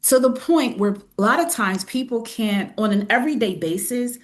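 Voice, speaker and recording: A woman hosting a webinar over a video call, speaking in a calm, enthusiastic teacher voice and often repeating herself. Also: a little high. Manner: slow, calm, repeats phrases. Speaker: webinar host. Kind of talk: guided breathing and lecture.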